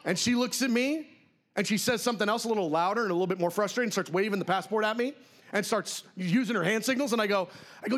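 A man's voice: high-pitched, fairly quick. A man preaching a sermon, telling a story and acting out the voices of people he quotes. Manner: animated, acts out quoted voices.

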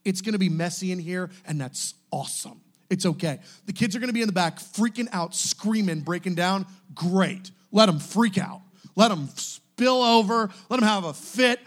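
A man preaching to his church, impassioned and exhorting, swinging from quiet pleading to shouting. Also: high voice. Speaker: pastor. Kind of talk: sermon.

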